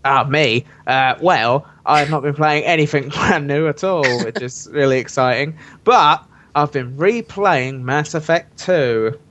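A man hosting a casual video game chat, relaxed, steering the talk along. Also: on the high side, unhurried, slight background noise. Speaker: podcast host. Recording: dull lo-fi recording.

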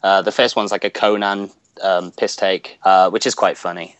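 A man's voice: low-pitched, little pitch movement, normal speed, a bit bright, smooth, dry recording, muffled recording. A young man chatting casually about video games, rambling and laughing often as he searches for words. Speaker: podcast co-host.

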